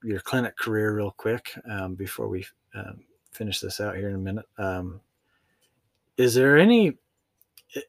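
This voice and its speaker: A man's voice: lowish voice, expressive, gravelly, no room sound. A man hosting a casual interview show, asking questions with many fillers and reading a sponsor thanks. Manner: friendly, halting questions with fillers. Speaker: podcast host.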